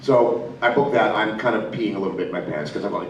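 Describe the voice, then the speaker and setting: A man's voice: fairly low pitch, fast, a little hiss or hum. A middle-aged man from Australia telling stories as a guest on a voice-actor panel. He laughs often and slips into put-on voices. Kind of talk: convention panel talk, anecdotal. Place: convention hall. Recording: echoey hall, mic from far off.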